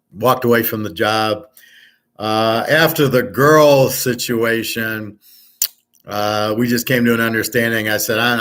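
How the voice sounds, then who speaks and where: A man's voice: fairly low pitch, fairly bright tone. Blunt, profane middle-aged American man ranting. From United States. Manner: profane, blunt storytelling with heated bursts. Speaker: sports betting show host. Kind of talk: casual ranting monologue.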